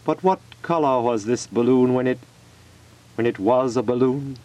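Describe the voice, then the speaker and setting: A man's voice: a little high, a little slow, dull audio, natural voice. A man doing a gloomy, mournful old donkey. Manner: gloomy, deadpan. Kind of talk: 1970s radio comedy story reading.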